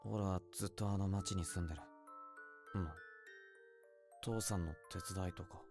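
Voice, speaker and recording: A terse young man, deep. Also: fairly even intonation, fast. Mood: grave. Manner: curt, low and terse. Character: guarded young man, old childhood friend. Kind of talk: game voice acting. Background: soft mallet music.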